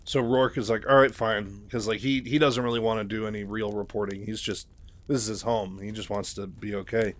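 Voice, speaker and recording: A man's voice: on the low side, steady tone, a little fast, dry recording. A man casually recapping a book in a rambling, filler-heavy way. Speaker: narrator.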